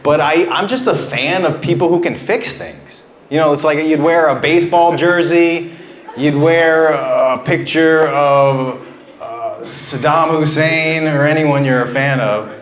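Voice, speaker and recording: A man's voice: on the high side, measured pace. A man doing a stand-up set on a small club stage, rambling through absurd jokes with stammering restarts into a handheld mic. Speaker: stand-up comedian. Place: small club stage before a live audience. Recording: roomy live club sound.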